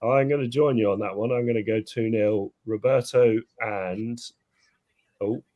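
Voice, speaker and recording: A man's voice: lowish voice, a little fast, phone-quality sound. A man co-hosting a casual football livestream, adding dry, wry remarks. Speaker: livestream co-host.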